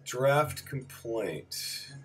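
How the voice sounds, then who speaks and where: Over soft music and poor audio, a man with a mid-range, slightly bright voice reads civil procedure notes very slowly in a sing-song way. His terse list comes with wry asides and apologetic backtracking.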